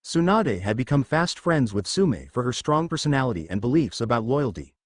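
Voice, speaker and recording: A man's voice: medium pitch, sing-song, brisk, dry recording, clean studio sound. A man narrating a fan fiction story aloud.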